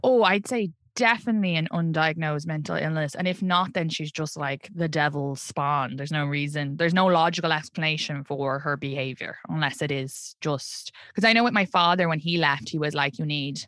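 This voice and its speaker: A woman's voice: deep voice, moderate pace, few pauses, a bit bright, no room sound, clean studio sound. An Irish woman in her thirties, a comedian guest talking candidly and laughing often in a casual interview. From Ireland. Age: 30s.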